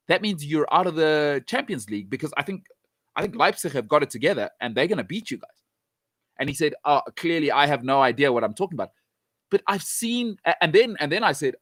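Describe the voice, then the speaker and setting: Male football pundit, slightly high voice, blunt and emphatic, repeats himself for effect; dry close recording. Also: fairly bright tone, dry recording. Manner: direct address to fans. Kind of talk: opinionated sports talk.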